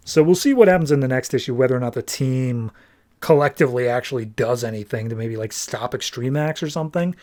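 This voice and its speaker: A man's voice: medium pitch, quick pace, darkish tone. A man hosting a casual comics podcast, talking in a rambling, offhand way full of fillers. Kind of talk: casual comic book review.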